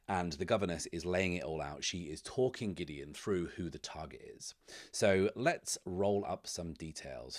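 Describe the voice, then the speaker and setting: A man hosting a solo tabletop game, casually narrating and explaining rules, whispering to himself as he rolls dice. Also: sits low. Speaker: host and solo game player.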